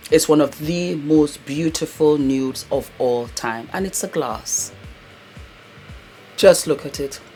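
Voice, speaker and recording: A woman's voice: sits low, slightly rough. A woman hosting a beauty vlog in a casual, effusive, chatty way, often calling her viewers darling and breaking into laughter. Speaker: beauty vlogger and host.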